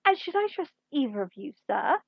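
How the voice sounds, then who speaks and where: A woman's voice: high voice, very animated, moderate pace, creaky, no room sound, highs cut off, voice pushed up, heavily acted. A woman reading aloud, voicing an imperious, scolding queen in a formal tone. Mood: suspicious. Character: imperious indignant royal queen, adult woman.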